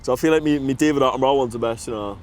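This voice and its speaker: A man's voice: mid-range voice, very fast. A young man from Newcastle with a Geordie accent, chatting casually and laughing easily with a stranger on a bench outdoors. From Newcastle, England. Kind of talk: casual chat. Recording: faint outdoor noise.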